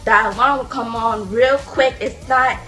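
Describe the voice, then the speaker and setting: Teen girl vlogger, high voice, chatty storytime, faint music behind. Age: teens. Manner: chatty, animated, indignant asides with quick apologies. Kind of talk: casual storytime vlog.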